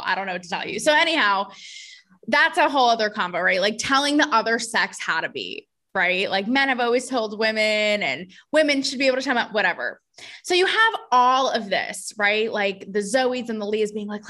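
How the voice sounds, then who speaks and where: Brief: woman podcast host, solo rant, sarcastic and profane, bright forceful tone, slightly high voice. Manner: sarcastic and blunt, swears, mocking voices. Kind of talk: opinionated solo podcast monologue.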